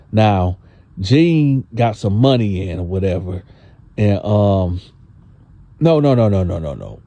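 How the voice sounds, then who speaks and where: A man's voice: medium pitch, mellow, dry recording. A man narrating a story casually, talking straight to the listeners and repeating himself. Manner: conversational, addresses listeners, repeats words.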